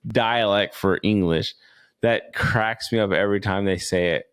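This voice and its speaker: A man's voice: fairly low pitch, moderate pace, a bit bright, clean tone. A middle-aged man, co-hosting a podcast in teasing, casual banter. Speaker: podcast co-host. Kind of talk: casual chat.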